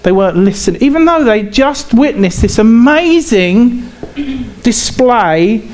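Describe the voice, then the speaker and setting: A man with an English accent preaching a sermon in a conversational way, halting and often repeating himself. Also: extremely high pitch, expressive, a little mellow. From England.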